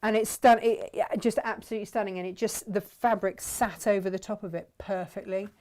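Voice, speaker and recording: A woman's voice: mid-range voice, fairly even intonation, a little fast, darkish tone. A woman hosting a fabric workshop, talking in a chatty, enthusiastic, rambling way. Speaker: fabric shop host. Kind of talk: casual workshop chat.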